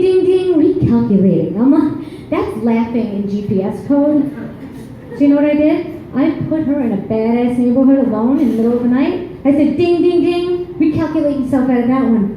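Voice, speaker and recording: A woman's voice: fairly high pitch, slight background noise. Brash woman comic in an echoey club. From New York. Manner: brash, chatty, quick asides with laughs. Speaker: stand-up comedian. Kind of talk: stand-up comedy set. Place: comedy club. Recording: echoey club, slightly muffled.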